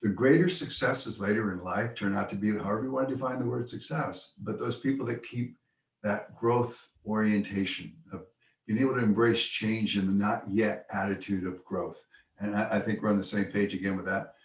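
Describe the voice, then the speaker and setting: A man's voice: on the low side, steady tone, moderate pace. A man hosting an interview, asking thoughtful, probing questions and restarting his phrases as he goes. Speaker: host, interviewer. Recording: roomy, distant from the mic.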